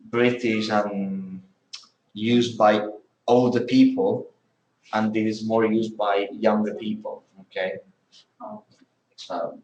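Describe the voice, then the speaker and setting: Man, English teacher, unhurried, roomy classroom echo. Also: fairly low pitch, a little mellow. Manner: models pronunciation by repeating words, questioning students. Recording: echoey classroom.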